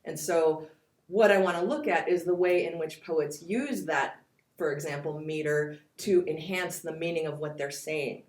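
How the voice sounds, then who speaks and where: Woman teacher, low voice, echoey room. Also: normal speed, darkish tone. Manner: explains with spoken examples and reads poem lines aloud. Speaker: poetry teacher. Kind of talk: course introduction lecture.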